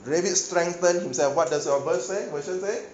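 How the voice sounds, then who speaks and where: Pastor guy, kinda high voice, preaching in an echoey hall w faint hiss. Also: normal speed, muffled recording. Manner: animated, asks the audience questions, swings between loud and soft. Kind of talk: sermon.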